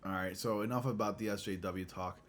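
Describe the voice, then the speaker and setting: A man hosting a casual livestream chat, loose and profane, who often clears his throat. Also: fairly low pitch, steady tone, fairly quick, a little hiss or hum. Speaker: livestream host.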